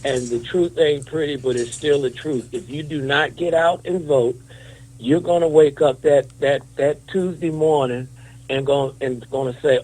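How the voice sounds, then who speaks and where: A man's voice: on the high side, fairly even intonation, normal speed, darkish tone, poor audio. A man on a talk show panel giving a rallying, colloquial last word on voting. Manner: rallying, repetitive slogans, colloquial. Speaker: panel guest. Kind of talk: rallying closing remarks.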